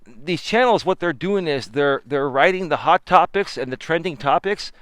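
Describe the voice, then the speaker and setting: Walking with his phone, a man hosts a casual life-coaching livestream and speaks emphatically to his viewers. He's animated and addresses the chat directly. His voice sits on the high side at a normal speed, with a clean tone and no echo.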